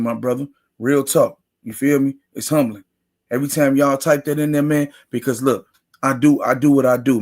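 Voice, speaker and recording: Emphatic ranting male sports streamer. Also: medium pitch. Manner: emphatic, ranting, greets chat viewers. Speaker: sports talk show host. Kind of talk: casual livestream commentary.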